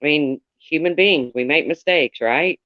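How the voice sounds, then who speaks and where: A man's voice: on the high side, a little slow, no room sound. Rambling man on a dull livestream. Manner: rambling and candid, greets viewers by name. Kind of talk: casual livestream chat.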